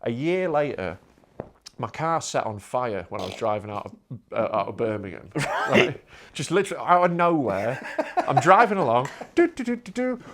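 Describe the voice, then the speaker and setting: A man's voice: mid-range voice, sing-song, moderate pace, fairly bright tone, slight background noise. A man, a stand-up comedian telling a story on a casual podcast, swearing a lot and laughing through his punchlines.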